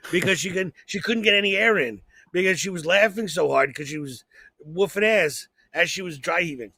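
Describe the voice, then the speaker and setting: A man tells a rambling, excitable anecdote on a comedy podcast. His voice sits high for a man and sounds bright and sharp, and he keeps restarting his sentences. The recording is close and dry. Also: brisk, vocal fry, breathy edge, dry recording. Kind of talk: casual chat, storytelling.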